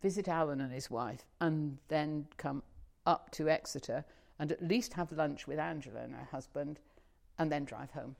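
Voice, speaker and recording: Low-voiced older woman reminiscing. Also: vocal fry, a little mellow. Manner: chatty, rambling with many restarts and fillers. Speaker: interviewee. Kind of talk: oral history interview.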